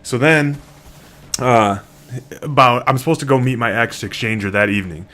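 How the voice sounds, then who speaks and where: A man's voice: medium pitch, normal speed, pushed and bright. A man casually telling a rambling story to camera, full of fillers, restarts and swearing. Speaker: single father vlogger.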